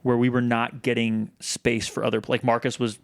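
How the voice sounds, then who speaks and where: Male co-host, casual, gravelly tone, dead-dry close mic. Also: mid-range voice, level tone, normal speed, no room sound. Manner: chatty, many restarts and fillers. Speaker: podcast co-host. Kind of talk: casual chat.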